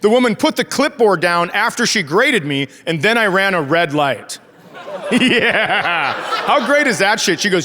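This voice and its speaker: A man's voice: fairly high pitch, expressive, moderate pace, noisy background. A man in his forties doing a stand-up comedy set, telling sarcastic family stories and acting out the dialogue, on a handheld stage mic. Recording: live show with crowd laughter. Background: audience laughter.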